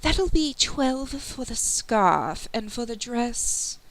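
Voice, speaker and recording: A woman's voice: on the high side, very animated, takes it slowly, pitched above the performer's own voice, full character voice, low-quality recording. A woman voicing a fawning, half-blind male shopkeeper. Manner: obsequious, eager to please.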